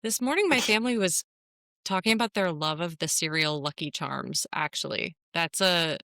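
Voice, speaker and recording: A woman's voice: fairly low pitch, lively intonation, moderate pace, bright, forceful tone, dry recording, studio quality. A woman co-hosting a home design podcast in casual, playful chat, teasing and laughing often. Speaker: podcast co-host.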